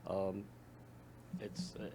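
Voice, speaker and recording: Mellow-voiced man, halting guest. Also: a little hiss or hum. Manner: halting, repeats words when speaking freely. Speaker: guest, foundation founder. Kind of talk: conversational interview, reading poetry aloud.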